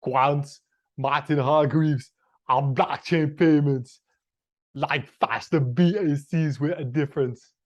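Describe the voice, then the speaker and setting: Man doing a gruff Austrian-accented action-hero bit, slow, loud, halting, mock-serious, video-call audio. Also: a little high, fairly even intonation, dull audio. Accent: Austrian German. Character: impression of an older male action-movie star.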